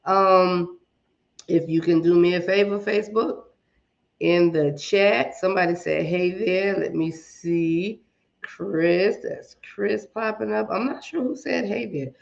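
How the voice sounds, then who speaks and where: A woman's voice: on the low side, slow, creaky, dull audio. A woman hosting a casual livestream, chatting with viewers and greeting them one by one, her voice a little shaky. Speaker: livestream host. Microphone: iPad and phone at arm's length.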